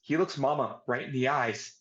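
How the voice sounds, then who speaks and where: Loud animated man reviewing wrestling, lo-fi. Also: medium pitch, normal speed. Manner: loud and animated, shouting mock impressions. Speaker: podcast co-host. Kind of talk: casual wrestling review chat.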